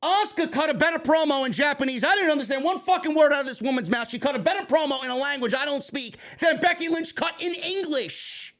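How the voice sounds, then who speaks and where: A man's voice: extremely high pitch, fast talker, hardly any pauses, fairly bright tone. A man reviewing a wrestling show in an angry, sarcastic rant full of swearing. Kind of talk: profane ranting show review.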